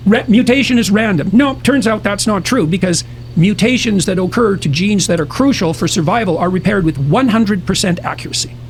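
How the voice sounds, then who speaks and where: A man's voice: high voice, a little fast, slight background noise. A man talking as a podcast guest, lecturing with emphasis and arguing his points. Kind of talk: podcast conversation.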